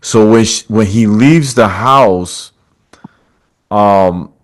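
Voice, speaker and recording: A podcast host with a fairly low-pitched voice speaks extremely slowly over a video call. In a casual storytelling chat, he retells a story using quoted lines and calls his guest "brother."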